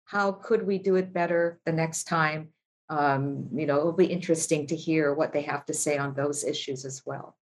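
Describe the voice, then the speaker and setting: A woman, co-hosting a casual political discussion, speaking in a measured, thoughtful way with fillers. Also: low-pitched, fairly even intonation, a little hiss or hum. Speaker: co-host.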